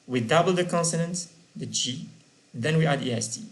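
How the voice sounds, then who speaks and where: A man's voice: fairly high pitch, normal speed. Man teaching grammar, spelling out endings. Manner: asks questions of the learners and answers them himself; spells out word endings letter by letter. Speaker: English teacher. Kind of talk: grammar lesson.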